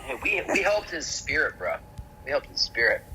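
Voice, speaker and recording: A man's voice: fairly high pitch, huge pitch swings, normal speed, pushed and bright, slight background noise, low-quality recording. A man in casual voice chat with his gaming alliance, playfully teasing his teammates. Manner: playful and teasing, says "bro".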